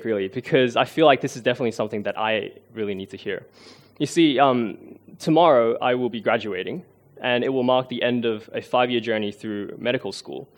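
A man, giving a sermon in an earnest, self-deprecating way, often pausing with fillers. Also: mid-range voice. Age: 20s. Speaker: lay preacher.

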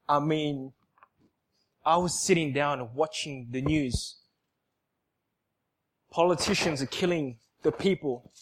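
A man giving an emotional church testimony, emphatic and repetitive, swinging from loud outbursts to soft, hushed lines. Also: fairly high pitch. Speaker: speaker giving a personal testimony.

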